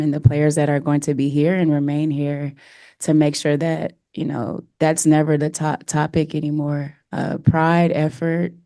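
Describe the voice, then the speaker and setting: Woman coach, low flat voice, earnest and emotional at the presser. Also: dry recording, clean studio sound. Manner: earnest, emotional, with many fillers. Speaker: head coach. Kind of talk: press conference answers.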